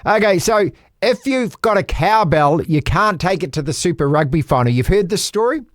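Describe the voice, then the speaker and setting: A man hosting a casual sports chat, bantering with plenty of quick restarts. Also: sits high, animated, dry recording, clean studio sound. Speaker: podcast host.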